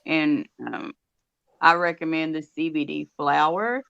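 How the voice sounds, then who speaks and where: A woman's voice: low-pitched, fairly even intonation, unhurried, gravelly, fairly bright tone. Rambling woman caller on dull audio. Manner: rambling, restarts often. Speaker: call-in guest. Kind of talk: casual chat.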